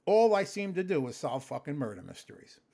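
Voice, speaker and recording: A man's voice: a little high, brisk, gravelly. Worn-out, cursing man vlogging late at night. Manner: profane, animated, rambling. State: exhausted, sleepy. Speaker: vlogger, customer service phone agent. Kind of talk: casual late-night vlog chat.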